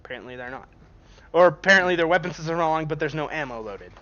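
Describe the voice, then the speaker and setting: Man game master, bright tone, higher voice, swears a lot, dull lo-fi stream audio. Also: animated, racing. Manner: profane, laughing, casual. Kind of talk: narrating a tabletop game.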